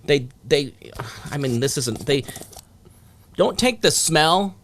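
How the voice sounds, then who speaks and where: A man's voice: a little high, animated, slow pace, fairly bright tone, slight background noise. A man on a talk-show panel, chatting in a wry, rambling, profane way. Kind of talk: casual chat.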